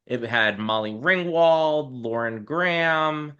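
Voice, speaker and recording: A man's voice: on the high side, slow, pushed and bright, clear, resonant tone. A man hosting an interview, asking easygoing questions between short affirmations. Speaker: interview host. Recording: dull lo-fi sound.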